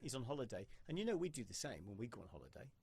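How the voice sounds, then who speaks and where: A man hosting a podcast who tells stories in an animated way and swears freely in casual conversation. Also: mid-range voice, racing, breathy edge. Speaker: podcast host.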